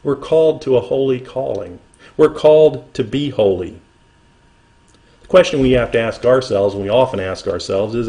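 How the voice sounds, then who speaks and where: Middle-aged guy preaching, earnest, slow scripture reading that builds up. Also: medium pitch, darkish tone. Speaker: pastor. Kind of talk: sermon.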